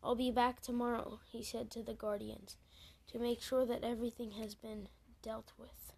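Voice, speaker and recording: A woman's voice: a little high, level tone, moderate pace, gravelly, darkish tone, breathy edge. A woman reading aloud as a cold, haughty male dragon elder.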